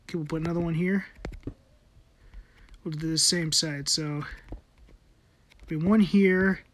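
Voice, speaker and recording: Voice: medium pitch, fairly even intonation, measured pace, slight background noise. Swearing, self-muttering gameplay commentator. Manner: mutters to self while building, swears often.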